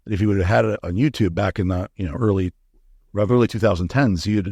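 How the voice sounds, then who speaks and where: A man's voice: lowish voice, fast, a little mellow, dry recording. A middle-aged man as an interview guest, telling candid, profane stories and acting out the dialogue. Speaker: guest, supplement company founder. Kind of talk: casual interview storytelling.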